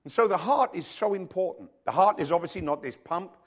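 A middle-aged man preaching to his congregation in a fairly high voice. His pitch swings widely as he reads scripture and tells playful stories, punching up the quotes loudly. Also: brisk. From rugby-playing country, emigrated to Africa. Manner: animated, jokey storytelling with loud acted quotes. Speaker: pastor. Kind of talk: sermon.

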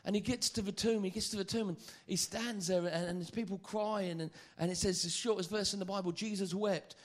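A man preaching a sermon, lively and joking, often stammering and repeating phrases. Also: sits high, fairly quick.

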